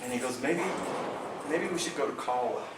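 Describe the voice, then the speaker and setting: A man casually telling a fishing tournament story to a club meeting, animated and laughing as he acts out the dialogue. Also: medium pitch, moderate pace. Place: meeting room. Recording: echoey room from far off, background noise.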